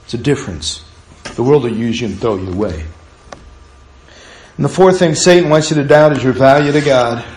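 A man preaching a sermon as pastor, shifting between quiet, intimate asides and rising, urgent calls to his congregation. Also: mid-range voice, lively intonation, normal speed. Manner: swings from hushed asides to rising exhortation. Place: church sanctuary. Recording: very echoey church room.

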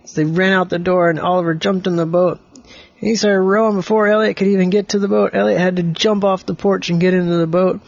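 A man's voice: high voice, little pitch movement, fairly quick, gravelly, no room sound, highs cut off. Man telling a story to a child. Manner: gentle, patient, explains simply. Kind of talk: improvised bedtime story.

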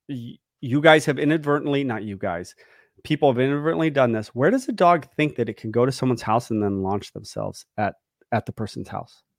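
A man hosts a podcast, chatting casually about dog training. He's animated, getting worked up as he acts out the dog's thoughts, and his medium-pitched voice comes through a dry, studio-quality recording.

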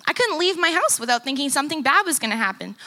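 Bright-voiced young woman sharing a testimony. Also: high voice, big pitch swings, fast. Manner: conversational, acts out remembered dialogue. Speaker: conference speaker and musician. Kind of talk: personal testimony talk. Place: conference stage before teens.

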